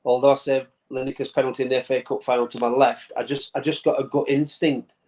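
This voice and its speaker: A man's voice: medium pitch, level tone, quick pace, a little mellow, rough recording. Chatty English man on a video call. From England. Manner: chatty storytelling, laughs often, repeats words. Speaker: former goalkeeper, guest. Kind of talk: casual interview chat. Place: brother-in-law's man cave at home.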